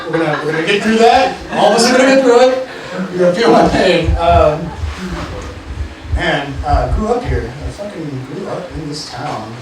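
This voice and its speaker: A young man from the Mississippi Gulf Coast performing a casual, profane stand-up set full of fillers, in a bar with a live audience. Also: a little high. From Mississippi Gulf Coast, USA. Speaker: stand-up comedian. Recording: echoey, distant, noisy live bar recording. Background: room ambience and crowd noise.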